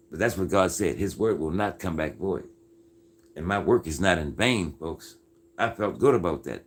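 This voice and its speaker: Reading out viewer comments on his casual faith-based livestream, this man speaks in a low voice at normal speed. He is earnest and folksy, pressing his points like a preacher and repeatedly addressing viewers as "folks" and "man."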